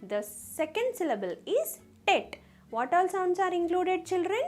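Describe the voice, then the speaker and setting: A woman teaches young children their letters. Her voice sits high and swings up and down, and she sounds out each letter slowly and carefully, with soft music faintly behind her. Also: big pitch swings. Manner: slow and deliberate, sounding out letters, asking the children questions. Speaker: kindergarten teacher. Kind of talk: phonics lesson for young children.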